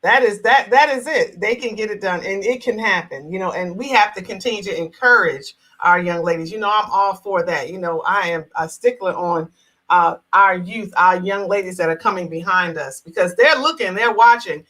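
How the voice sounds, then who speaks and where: A woman's voice: medium pitch, moderate pace, a bit bright, low-quality recording. A woman from New Jersey hosting a casual live talk show over a video call, chatty and encouraging with frequent affirmations.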